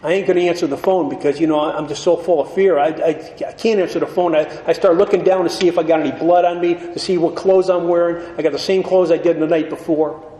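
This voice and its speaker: A man's voice: on the high side, steady tone, quick pace, mellow. A man giving a wry, self-mocking storytelling share at a recovery meeting, acting out the dialogue as he goes. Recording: echoey hall with faint ambience.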